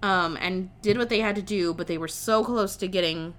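A woman's voice: mid-range voice, normal speed. A woman co-hosting a casual chat, enthusiastic and rambling with fillers as she talks about a movie.

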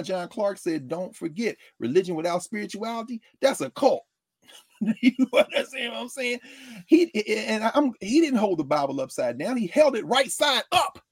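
A man giving a lively, conversational political commentary monologue, often acting out quotes from others. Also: high-pitched, normal speed, slightly rough, no room sound, studio quality. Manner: animated, conversational, quoting others in character.

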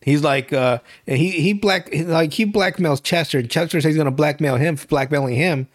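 Profane, rambling man with a higher voice. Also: a little fast. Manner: profane, rambling, laughs often, with restarts. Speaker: podcast host. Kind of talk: casual podcast chat recapping a TV series.

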